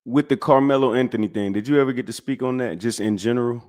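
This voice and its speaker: A man's voice: medium pitch, fast, a little mellow. Sex: man. Role: laid-back co-host. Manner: laid-back, asking questions. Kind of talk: casual chat.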